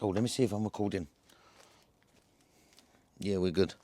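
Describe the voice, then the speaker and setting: In a dry recording, a cannabis vlogger talks casually to camera with a fairly low, dark voice, fairly even intonation, and a moderate pace. His rambling vlog is slangy and loose, peppered with fillers and "yeah?" checks.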